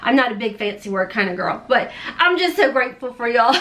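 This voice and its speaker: High-voiced rambling woman beauty vlogger. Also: animated, normal speed, fairly bright tone. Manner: rambling, emotional and heartfelt; folksy, with playful slang. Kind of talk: casual chat while doing makeup.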